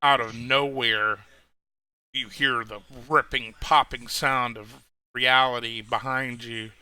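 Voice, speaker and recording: A man's voice: medium pitch, steady tone, takes it slowly, sharp tone, clear, resonant tone. A man narrating as game master of a tabletop game, rambling, with many fillers and restarts.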